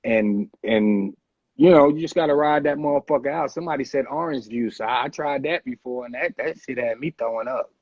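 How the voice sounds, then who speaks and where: Laid-back man telling a story, husky. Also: mid-range voice, a little fast, dry recording. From United States. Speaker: rapper, interview guest. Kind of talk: casual storytelling. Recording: dull dry recording.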